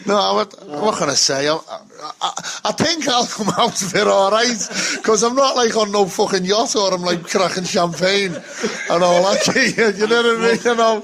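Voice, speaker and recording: A Scouse man with a high voice chats in loose, sweary banter, laughing through his words. He sounds casual and self-mocking. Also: normal speed, a crowd in the background. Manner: sweary, laughs a lot while talking.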